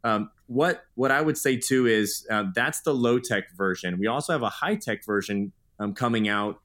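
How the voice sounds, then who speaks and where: A man's voice: medium pitch, moderate pace, a bit bright. A man in his thirties, a guest author telling stories in an earnest, upbeat way in a podcast interview.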